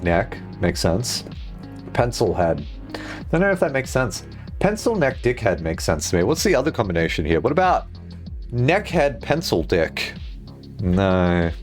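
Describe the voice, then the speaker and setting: A man streaming a game, musing aloud in casual chat and swearing freely. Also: fairly low pitch. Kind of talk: casual livestream chat while gaming.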